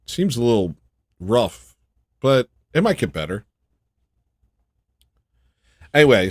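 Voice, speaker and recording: A man's voice: low-pitched, fairly bright tone, dry recording. Male livestream host, sarcastic rambler, close dry sound. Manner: sarcastic, rambling, mocking impressions. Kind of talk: casual livestream commentary.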